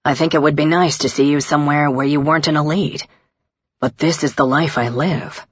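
A woman narrator voicing a gentle, earnest young male prince who speaks softly and tenderly, on a dull lo-fi recording. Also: fairly high pitch, fairly even intonation, a little fast, slightly rough, no echo. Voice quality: soft-spoken, tender.

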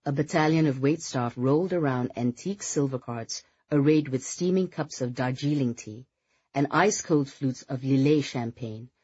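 A narrator reading a novel aloud in a measured, even storytelling manner. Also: medium pitch, breathy edge, dry recording, lo-fi sound. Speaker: audiobook narrator. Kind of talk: scripted audiobook narration.

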